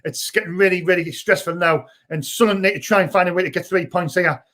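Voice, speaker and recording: A young man, hosting a live fan stream and commentating excitedly, shouting during attacks. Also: high voice. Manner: shouts and rushes during attacks, chats between. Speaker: fan channel host.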